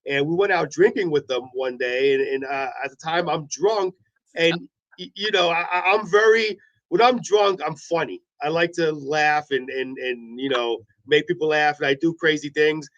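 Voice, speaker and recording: A man's voice: a little high, moderate pace, a bit bright. A man hosting radio mornings, telling long rambling stories in casual chat with many restarts. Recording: dull lo-fi audio.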